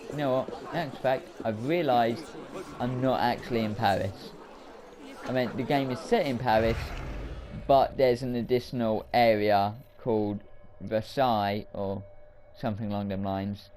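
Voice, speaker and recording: A man giving casual, rambling commentary while playing a video game, hesitating often with filler words. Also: lowish voice. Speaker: let's play commentator. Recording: game audio noise behind voice.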